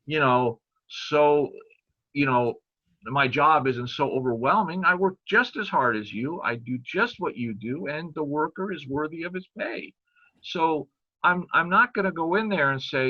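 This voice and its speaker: An older man, a pastor, chatting casually on a podcast, telling stories and halting jokes and sometimes losing his place. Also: a little high, expressive, lo-fi sound. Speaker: pastor and guest father.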